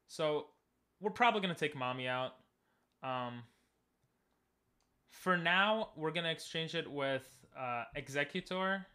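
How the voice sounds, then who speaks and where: A man's voice: on the high side, animated, normal speed, long pauses, bright, forceful tone. A young man giving casual, joking commentary while streaming a game and talking with chat. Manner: chatty, joking, talks to chat.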